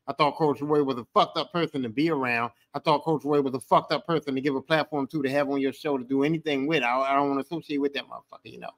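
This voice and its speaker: This solo podcast host talks fast with hardly any pauses, his medium-pitched voice a bit bright and fairly even in intonation. He rants angrily, heated and profane, repeating himself.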